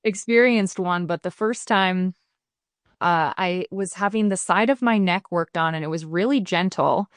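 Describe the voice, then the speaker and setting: A woman's voice: lowish voice, moderate pace, no echo, studio quality. A woman speaking as a podcast guest, explaining her bodywork practice in an earnest, casual way and acting out the people she quotes. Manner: earnest, explanatory, animated when quoting people. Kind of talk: casual interview talk.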